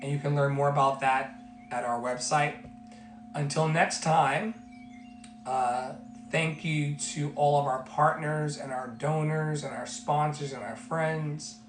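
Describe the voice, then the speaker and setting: A man's voice: on the high side, fairly even intonation, slow, slight background noise. A man giving an emphatic motivational talk as a life coach, repeating his phrases like a preacher. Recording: echoey room with faint music.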